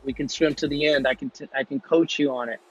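A man's voice: mid-range voice, steady tone, fast talker, husky. A man hosting a podcast, telling a motivational story in an earnest way, often repeating himself and restarting his sentences. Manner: repetitive, earnest, stumbling restarts. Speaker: podcast host. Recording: muffled lo-fi with faint music.

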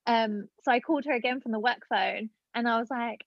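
A woman's voice: a little high, a little fast, vocal fry, hardly any pauses, dry recording, muffled recording. A woman in her late twenties, telling a personal story in casual chat with lots of fillers. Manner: chatty storytelling, many fillers. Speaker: guest.

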